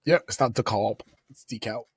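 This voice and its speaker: A man's voice: medium pitch, moderate pace, breathy edge. A man with a Brooklyn accent, a real estate agent co-hosting a casual podcast in a playful, laid-back way. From Brooklyn, New York.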